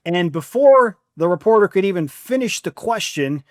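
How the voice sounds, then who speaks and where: High-pitched, opinionated male podcast host. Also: moderate pace, dry recording, clean studio sound. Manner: animated storyteller, opinionated. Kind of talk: casual chat.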